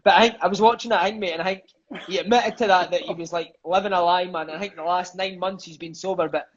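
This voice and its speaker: This Scottish man in his thirties, a former footballer appearing as a podcast guest, has a high, steady voice and talks fast. He chats casually and swears, dropping "mate" and "aye" into his stories. The recording is muffled, with a little hiss or hum.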